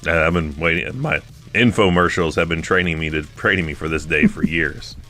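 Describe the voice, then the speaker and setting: A man's voice: deep voice, fairly quick, sharp tone. A man in his forties co-hosting a film podcast, chatting casually and rambling with frequent restarts. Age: 40s. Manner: rambling, restarts, laughs often. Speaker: podcast co-host.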